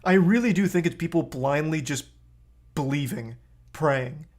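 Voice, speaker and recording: Brief: male streamer, slightly high voice, blunt and swearing, live reaction commentary. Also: unhurried. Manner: blunt, profane, gets heated.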